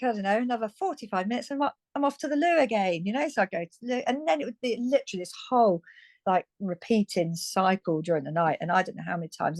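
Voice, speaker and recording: A woman's voice: on the low side, darkish tone, no echo. A British woman in her fifties, a guest telling her story in a frank, chatty way, often restarting and laughing lightly. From United Kingdom. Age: 50s. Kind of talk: candid conversational storytelling.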